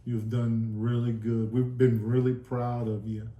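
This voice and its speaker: A man's voice: medium pitch, level tone, measured pace, highs cut off. A man telling his testimony in a casual sit-down talk, earnest and emotional, acting out the dialogue he recalls. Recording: echoey room.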